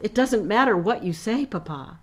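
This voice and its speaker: A woman's voice: medium pitch, lively intonation, moderate pace, voice pushed up, close to an everyday voice. A woman voicing a defiant, cool-headed teenage girl while reading a novel aloud.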